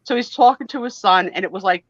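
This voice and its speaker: A woman's voice: medium pitch, quick pace, no echo, muffled recording. A woman on a casual live chat, telling funny personal stories and acting out the voices in them. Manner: animated, self-deprecating, acts out voices in her stories. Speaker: guest on a live vintage photo sale stream.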